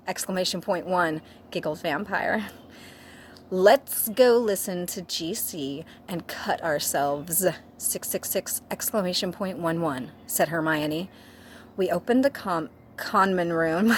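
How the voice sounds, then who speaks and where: Slow-reading woman with wry asides. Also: on the low side, a little hiss or hum. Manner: reads aloud with mock drama and wry asides. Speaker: guest reader. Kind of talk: comic dramatic reading of a fan fiction.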